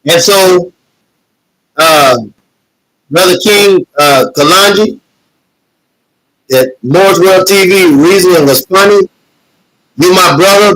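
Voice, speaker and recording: A man's voice: high-pitched, fairly bright tone, no echo, poor audio. A man hosting a live stream, reading viewer comments and addressing his audience in an earnest, repetitive, preacher-like cadence with many fillers; he is emotional. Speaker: host of a streaming show.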